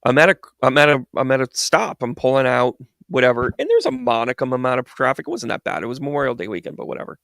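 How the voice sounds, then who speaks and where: A man's voice: medium pitch, big pitch swings, fast, gravelly, few pauses, fairly bright tone, no echo, clean studio sound. A man and podcast host telling a casual, rambling story full of digressions and restarts, often laughing at himself. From United States.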